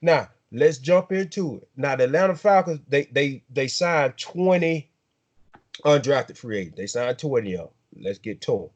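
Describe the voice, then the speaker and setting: A man's voice: medium pitch, expressive, moderate pace. South Georgia man talking football, lo-fi sound. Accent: Southern American, South Georgia. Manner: drawling, repeats and restarts words, hypes players. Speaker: sports podcast host. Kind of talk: casual sports chat.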